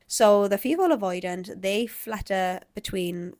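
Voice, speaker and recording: A woman's voice: mid-range voice, measured pace, darkish tone. A woman hosting a solo relationship podcast as a coach, explaining things in a conversational way.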